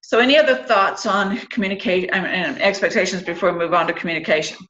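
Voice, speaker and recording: A woman's voice: medium pitch, quick pace, lo-fi sound. Chatty woman in her fifties, roomy sound. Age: 50s. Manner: chatty, animated when quoting and opinionated. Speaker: group discussion host. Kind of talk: casual online group chat.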